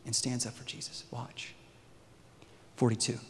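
A male pastor delivers a sermon with animated energy, often throwing questions to the congregation. His voice sounds at an average pitch, trailed by the long reverb of a large church hall. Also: measured pace, slight background noise. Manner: animated, asks the crowd questions.

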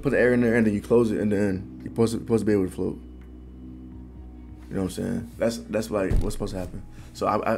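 A young man in his twenties tells a story in loose, animated slang and keeps saying "bro". His voice sits a bit low and has a gravelly fry. Faint music plays underneath. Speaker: vlogger. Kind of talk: casual storytelling.

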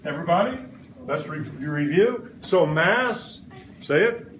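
A man's voice: fairly high pitch, expressive, a little slow, reverberant, recorded from a distance, background noise. A middle-aged man teaching a science lesson in a classroom, quizzing the class in playful call-and-response. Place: elementary school classroom.

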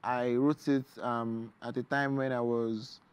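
A Nigerian man talking over his poetry in a TV studio, earnest and reflective, pausing on fillers as he goes. His voice sits at a middling pitch. The sound is dry and close, with no room echo. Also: flat delivery, smooth. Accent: Nigerian English. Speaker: poet and author guest.

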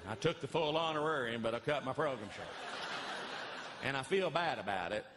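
A middle-aged man telling animated, folksy comic stories as a Christian comedian in front of a live audience. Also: medium pitch, brisk, noisy background. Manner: folksy, animated, acts out voices of others. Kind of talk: live stand-up storytelling. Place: church hall with a live audience.

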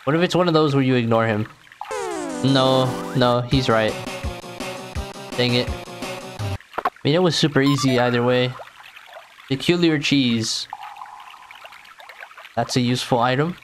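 A man's voice: medium pitch, a little slow, long pauses. A man giving casual, playful gameplay commentary with joking asides over faint game music. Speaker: gaming channel host.

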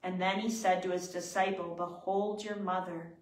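A woman leading prayer, reading scripture aloud in a measured, reverent way. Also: lowish voice, flat delivery. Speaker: prayer leader. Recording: roomy, distant from the mic.

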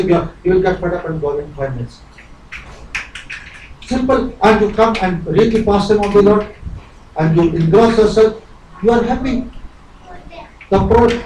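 A man's voice: sits high, normal speed, darkish tone, a little hiss or hum. A man giving a devotional sermon, earnest and rhetorical, acting out imagined dialogues. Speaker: spiritual teacher. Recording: roomy live recording from far off, faint ambience.

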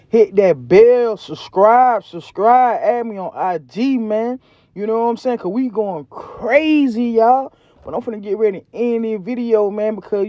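Man vlogger, high voice, slangy cursing rant, lo-fi dry audio. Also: dark tone, no room sound. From Southern United States. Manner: loose, profane, rambling street slang. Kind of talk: casual food review vlog. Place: outdoors by a back door.

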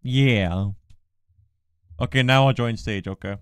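A man streaming a game live, talking in casual banter, mostly drowsy and mumbling but breaking into loud excited outbursts, teasing his co-host. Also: mid-range voice, slow pace, slight background noise. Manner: playful teasing.

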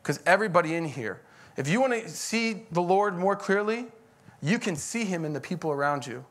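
A man's voice: high-pitched, animated, normal speed, fairly bright tone. A middle-aged man, a pastor, preaching a conversational sermon that rises into emphatic bursts.

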